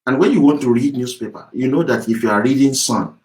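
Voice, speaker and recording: A man's voice: mid-range voice, fast talker, darkish tone, low-quality recording. A man giving an impassioned political address as an activist, heated, profane and repetitive. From Yorubaland, southwest Nigeria.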